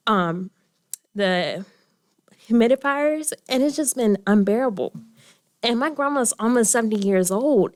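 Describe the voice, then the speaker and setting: A young woman speaking at a county meeting, emotional and crying as she pleads. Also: a little high. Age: young adult. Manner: emotional, tearful plea. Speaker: public commenter. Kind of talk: public comment at a county meeting.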